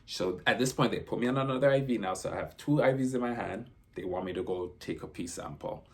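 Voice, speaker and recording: A man's voice: fairly low pitch, fast, darkish tone. A man vlogging a casual storytime, rambling through his retelling and leaning on constant "I'm like" to report what was said.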